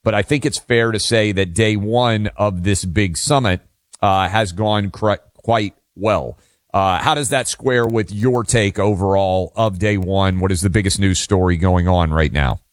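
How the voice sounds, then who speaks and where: A man with a very deep voice co-hosts a political talk show and lays out figures in a matter-of-fact way. His voice is recorded dry and close. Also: unhurried, no echo.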